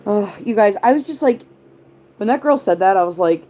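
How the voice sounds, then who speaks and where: A woman's voice: mid-range voice, expressive, brisk, dark tone. A woman of around forty chatting casually on a livestream, rambling through tangents, answering viewer comments and leaning on the word "like.". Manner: rambling, tangent-prone, heavy use of "like". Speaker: livestream host.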